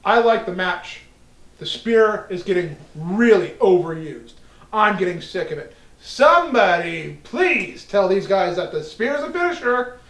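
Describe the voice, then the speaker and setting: A man co-hosting a casual wrestling review, ranting in an animated, joking way. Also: high voice, a little slow. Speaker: podcast co-host. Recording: echoey room, mic far off.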